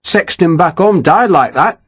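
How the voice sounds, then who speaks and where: A man's voice: sits high, lively intonation, measured pace, slightly rough, pitched above the performer's own voice, exaggerated voice. A man voicing a gaunt, earnest soldier from the countryside who gossips and is easily shocked.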